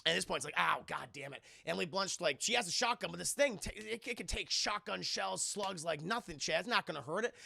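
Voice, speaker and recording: A man streaming a profane, excitable spoiler recap of a film to his chat, acting out scenes with shouts and sound effects. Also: high voice, quick pace, creaky, hardly any pauses, dry recording.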